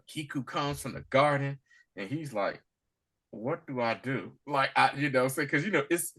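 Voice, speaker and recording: A man in casual podcast chat, retelling a TV episode with animated storytelling. He drops to a low murmur for quoted lines, then jumps high and loud when he gets excited. His delivery is slangy and full of laughs. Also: moderate pace. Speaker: podcast co-host recapping a TV episode.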